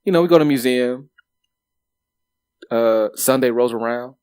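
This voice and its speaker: Animated, swearing man telling stories. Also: mid-range voice, normal speed, smooth, no room sound. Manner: animated, swears freely, lots of fillers. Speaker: podcast co-host. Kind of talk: casual chat, storytelling.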